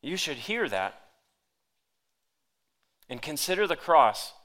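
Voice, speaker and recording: A man's voice: a little high, big pitch swings, slow, fairly bright tone. A man preaching a sermon to a seated congregation, reading scripture aloud with dramatic emphasis. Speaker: pastor. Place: church hall with audience.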